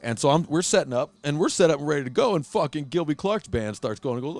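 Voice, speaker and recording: A man's voice: fairly high pitch, fast talker, hardly any pauses, no room sound. A man hosting a casual podcast, telling a rowdy story with lots of swearing and acted-out quotes. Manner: profane, animated storyteller acting out quotes. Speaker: podcast host.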